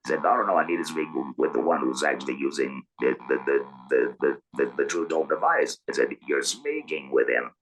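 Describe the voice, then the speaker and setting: A middle-aged man talking through an electrolarynx, with a buzzing mechanical tone and halting speech full of repeated words. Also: a bass voice, lively intonation, poor audio. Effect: electrolarynx buzz. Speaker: guest telling his story. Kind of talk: casual interview storytelling.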